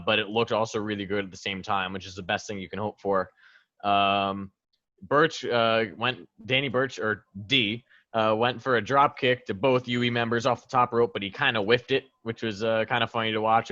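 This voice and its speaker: A man's voice: fairly low pitch, fairly bright tone, no echo, lo-fi sound. A man co-hosting a wrestling podcast, chatty and amused as he recalls the match's mistakes. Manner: chatty, laughs at botches. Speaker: podcast co-host. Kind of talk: casual wrestling recap.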